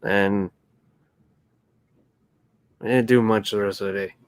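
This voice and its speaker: A man's voice: lowish voice, fairly even intonation, slow, smooth, no echo. A man co-hosting a casual live stream, rambling and stumbling over his words, laid-back and profane. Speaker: stream co-host.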